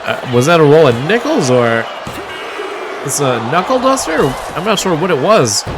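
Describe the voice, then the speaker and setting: A man calls a wrestling match play by play, wry and mocking, and chuckles now and then. A loud crowd and steady noise sit behind his voice. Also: a little high, normal speed. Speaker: wrestling commentator. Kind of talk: play-by-play commentary.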